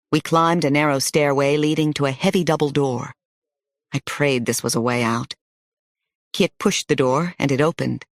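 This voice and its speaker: A woman narrating a novel in the first person with steady storytelling. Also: low voice, dry recording, clean studio sound. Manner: steady storytelling, rising to shouts in dialogue. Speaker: audiobook narrator.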